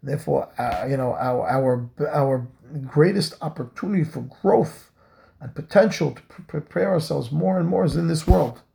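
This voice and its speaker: A man's voice: on the high side, normal speed, gravelly, warm tone, a little hiss or hum. A man, a rabbi, giving a Torah lesson in an earnest way, repeating key phrases for emphasis and mixing Hebrew terms into his English.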